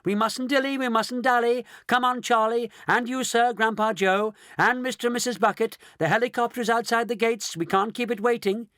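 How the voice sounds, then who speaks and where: A man voicing an eccentric, brisk chocolate maker who hurries everyone along in a storybook reading. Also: very high-pitched, steady tone, fairly bright tone, no echo, clean studio sound, pitched above the performer's own voice. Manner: brisk and theatrical.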